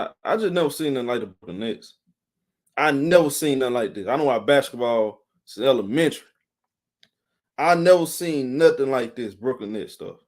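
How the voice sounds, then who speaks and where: Tired live-stream sports host, rambling. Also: male voice, mid-range voice. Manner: rambling, repeats himself, greets chat viewers by name.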